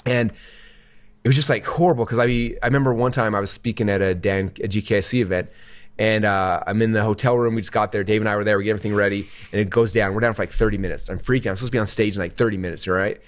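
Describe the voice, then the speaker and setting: A man talks quickly as a guest on an interview. He tells a personal story in a loose, casual way and leans on filler words. He slips into other voices when he quotes people. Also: on the low side, steady tone. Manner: rapid, filler-heavy, acts out quoted lines. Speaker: guest entrepreneur.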